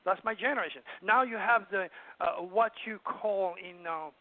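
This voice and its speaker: High-voiced French man lecturing over the phone. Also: moderate pace, no echo. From France. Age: older. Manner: lecturing, emphatic, rambling with fillers. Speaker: astrologer guest. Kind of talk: radio call-in talk. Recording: dry, tinny phone line.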